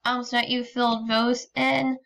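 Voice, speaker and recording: A woman's voice: on the high side, little pitch movement, moderate pace, creaky, fairly bright tone. A woman teaching a recorded lesson, explaining patiently step by step with frequent ums. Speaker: Spanish teacher.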